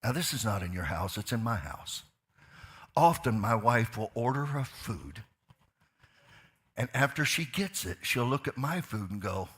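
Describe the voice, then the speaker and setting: A male pastor preaches from a church stage. His voice is bright and forceful. He drops to quiet asides, then rises to loud, fired-up stretches, and keeps firing repeated questions at the crowd. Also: medium pitch, lively intonation, measured pace. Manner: asks the crowd questions, repeats lines for emphasis. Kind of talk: sermon. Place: church sanctuary.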